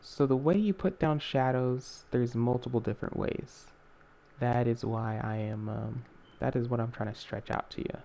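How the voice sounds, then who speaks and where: A man's voice: mid-range voice, steady tone, moderate pace, gravelly, mellow. A young man hosting a casual screen-recorded art tutorial, talking in a rambling way with many fillers and self-corrections.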